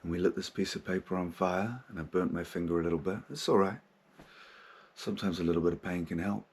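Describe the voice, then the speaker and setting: A man's voice: low voice, quick pace, darkish tone, husky. A man hosting a spiritual podcast, talking frankly and casually, swearing freely. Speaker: podcast host.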